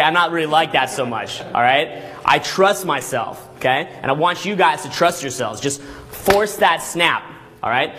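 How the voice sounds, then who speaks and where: Man, seminar coach, lively, acts out voices, laughs a lot, forceful bright tone. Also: on the high side, moderate pace, a little hiss or hum. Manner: animated, acts out quoted voices, laughs often. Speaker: dating coach running seminars. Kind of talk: live seminar talk. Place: seminar room in a hotel.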